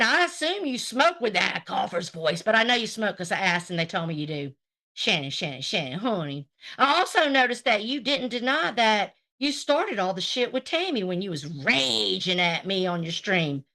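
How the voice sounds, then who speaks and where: A woman's voice: mid-range voice, big pitch swings, moderate pace, bright, forceful tone. A woman hosting a livestream, ranting at a rival in a profane, confrontational and sarcastic way while greeting her chat. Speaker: livestream host. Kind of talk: livestream rant addressing chat.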